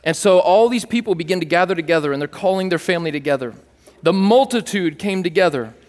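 High-voiced pastor in a reverberant hall. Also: male voice, quick pace. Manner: playful and animated, jokes with the congregation. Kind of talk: sermon. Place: church hall with a live audience.

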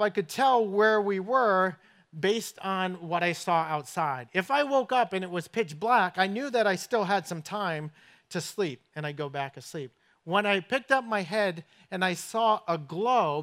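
A man's voice: sits high, a bit bright. A man from southern New England preaching a sermon in a church with a New England accent, conversational and storytelling, asking his listeners questions. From southern New England, USA. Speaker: pastor.

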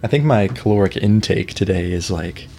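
A man's voice: fairly low pitch, moderate pace, loud music behind the voice. A man co-hosting a casual podcast, laid-back, swearing and laughing often. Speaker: podcast co-host.

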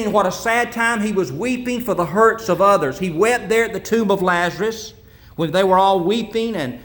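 A man's voice: high voice, fairly bright tone. A man preaching a sermon as pastor, earnest, repeating himself and restarting phrases.

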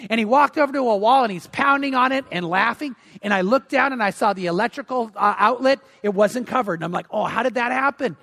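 High-voiced older pastor, hall reverb. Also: male voice, quick pace, few pauses, sharp tone. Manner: earnest, repeats phrases for emphasis. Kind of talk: sermon. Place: church.

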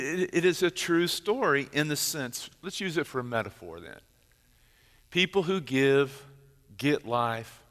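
Bright-voiced middle-aged man preaching in a hall. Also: mid-range voice. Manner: dramatic storytelling, swings from loud to hushed. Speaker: pastor. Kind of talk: sermon. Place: church sanctuary.

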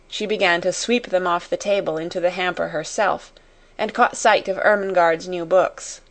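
A woman reading a classic story aloud in a measured, expressive way. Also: lowish voice. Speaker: audiobook narrator. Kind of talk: scripted storybook narration.

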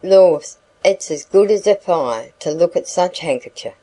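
A woman's voice: fairly low pitch, expressive, a little slow, mellow, poor audio. A woman voicing a talkative rural male packman who coaxes a customer in a broad country dialect. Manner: coaxing sales patter.

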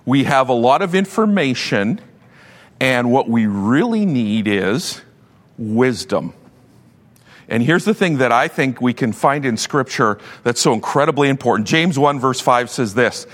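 A man in his fifties, a pastor giving a sermon with animated, joking storytelling. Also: medium pitch, a little slow. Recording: long hall reverb.

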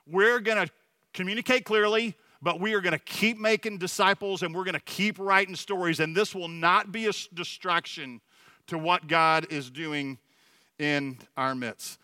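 A man's voice: high-pitched, steady tone, normal speed, bright, forceful tone, clean tone, no room sound. A middle-aged man preaching a sermon at a Sunday service, earnest and personal, telling stories with frequent restarts. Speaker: church leader speaking at a Sunday service.

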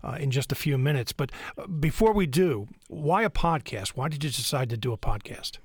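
A man hosting a radio talk show and interviewing guests, halting with frequent fillers. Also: medium pitch, expressive, slightly rough, no room sound, studio quality.

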